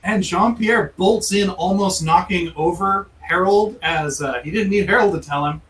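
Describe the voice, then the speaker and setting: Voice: mid-range voice, normal speed, fairly bright tone. A game master casually narrating a tabletop role-playing game with loose, rambling storytelling. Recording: roomy room, distant mic, faint hiss.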